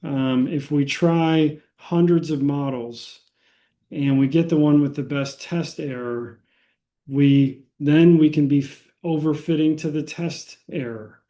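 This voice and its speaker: Slow-speaking American man lecturing. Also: fairly high pitch, warm tone. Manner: frequent fillers and restarts, unhurried explaining. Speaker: statistics instructor.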